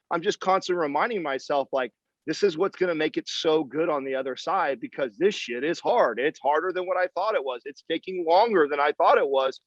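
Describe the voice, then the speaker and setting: Podcast guest, male, slightly high-pitched, emphatic and profane, dry muffled sound. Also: dry recording. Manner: candid and emphatic, swears freely. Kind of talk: casual interview talk.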